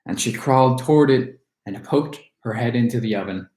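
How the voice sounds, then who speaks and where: A man reading a fairy tale aloud as a storyteller, in an expressive way. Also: mid-range voice, moderate pace. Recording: roomy echo.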